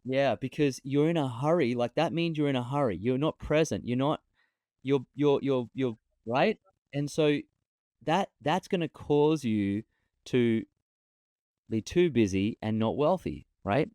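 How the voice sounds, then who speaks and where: Animated male storyteller, dry sound. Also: mid-range voice, unhurried, no room sound. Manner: animated storyteller, repeats himself. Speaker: podcast guest, investor. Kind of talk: casual interview talk. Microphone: remote call.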